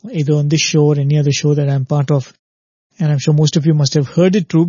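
A man talks through a spiritual parable in a thoughtful, unhurried way. His voice sits a little high but mellow and slightly husky. The sound is dry and dull, like a lo-fi recording. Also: dry recording. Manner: reflective, repeats "very, very" and asks "right?". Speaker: spiritual speaker. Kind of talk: storytelling spiritual talk.

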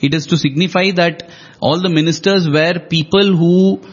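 Male co-host, husky, higher register, reflective storyteller, lo-fi audio. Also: steady tone, normal speed. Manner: reflective, retells dialogue with emphasis. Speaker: podcast co-host. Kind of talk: storytelling discussion of scripture. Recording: dull lo-fi audio.

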